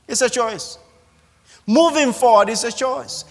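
Man, pastor, sermon, unhurried emphatic delivery, repeats phrases, reverberant church hall. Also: very high voice, a bit bright.

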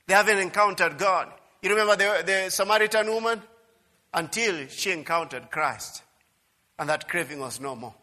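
A high, bright male voice preaching with fervor, dropping low and then rising to near shouts as he repeats his points. His words ring out with a long reverb, as if filling a large hall. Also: normal speed. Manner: emphatic preaching, swings from quiet to loud, repeats phrases. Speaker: pastor. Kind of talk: sermon.

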